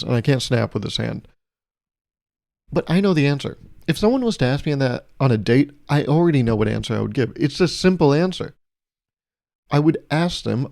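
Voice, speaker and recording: A man's voice: medium pitch, creaky, darkish tone, dry recording, studio quality. A young man hosting his own podcast, rambling through a sarcastic, jokey monologue and laughing at his own jokes. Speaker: podcast host. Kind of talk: solo comedic podcast monologue.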